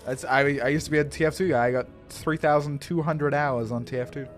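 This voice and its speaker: A man's voice: a little high, steady tone, brisk. A young man streaming a game, chatting casually, swearing, laughing and stumbling over words. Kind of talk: live game stream chat. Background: faint game music.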